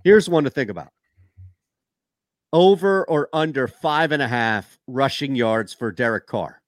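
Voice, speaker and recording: A man co-hosting a casual sports talk show, joking and animated in quick back-and-forth. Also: medium pitch, no room sound, studio quality.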